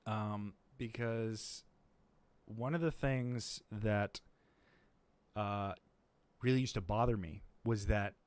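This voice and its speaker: A man's voice: fairly low pitch, slow, long pauses, a little mellow, clean tone, dry recording. Rambling streamer man, dry close sound. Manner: rambling, filler-heavy, thinking aloud. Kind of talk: casual chat.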